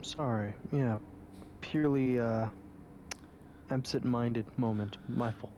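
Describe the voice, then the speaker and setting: A man's voice: mid-range voice, steady tone, takes it slowly, mellow, lo-fi sound, a little hiss or hum. A man taking part as a player in a tabletop game, talking casually and laid-back.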